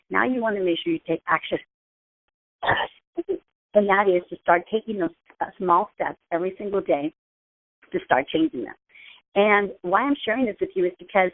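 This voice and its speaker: A woman host giving a casual, chatty motivational talk, often repeating herself. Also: lowish voice. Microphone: phone call. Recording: tinny phone-line sound.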